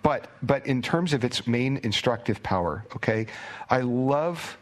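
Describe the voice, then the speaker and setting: A male pastor delivers a sermon in a loose, conversational way, often restarting his sentences. His voice sits at a middle pitch, and he sometimes sinks into a hushed near-whisper to drive a point home. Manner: conversational, with frequent stammered restarts.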